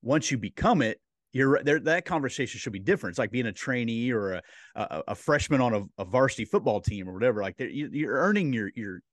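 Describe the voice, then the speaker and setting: A man with a mid-pitched voice hosts a podcast, reflecting and thinking aloud. He restarts his sentences often, and the sound is dry and close. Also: expressive, brisk, no room sound. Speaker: podcast host. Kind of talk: casual interview talk.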